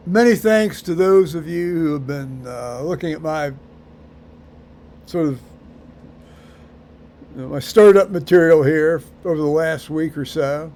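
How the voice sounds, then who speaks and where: A man rambling through a solo vlog monologue, halting with many fillers and restarts, with dry dark humor. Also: a little high, a little hiss or hum. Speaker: vlogger.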